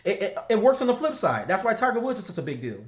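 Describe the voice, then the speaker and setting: A man co-hosting a casual talk show, animated and slangy, laughing often. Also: high-pitched, fast talker, reverberant. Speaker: podcast co-host. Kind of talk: casual chat.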